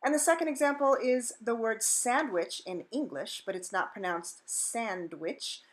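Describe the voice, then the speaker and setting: Brief: woman, mid-pitched, upbeat playful teacher, encouraging video lesson. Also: fairly bright tone. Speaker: Spanish teacher.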